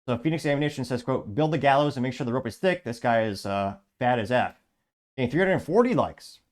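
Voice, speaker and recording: A man's voice: mid-range voice, animated, a little fast. A man hosting a commentary show, reading social media posts aloud and adding rambling, sarcastic remarks. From Illinois. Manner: rambling, sarcastic, frequent restarts. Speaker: show host.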